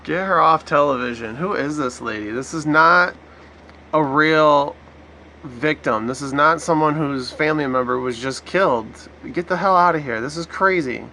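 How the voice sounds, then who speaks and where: A man's voice: on the high side, moderate pace, sharp tone, slight background noise. A man giving sarcastic, profane commentary over a news clip. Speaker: online commentator.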